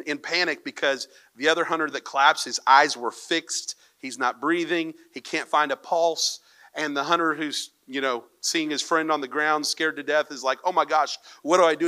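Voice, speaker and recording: Male pastor, church sermon, bright forceful tone, slightly high voice, lively storyteller. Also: normal speed, clear, resonant tone. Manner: lively storytelling, puts on a panicked voice in the joke. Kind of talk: sermon with a joke and scripture reading. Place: church sanctuary with congregation.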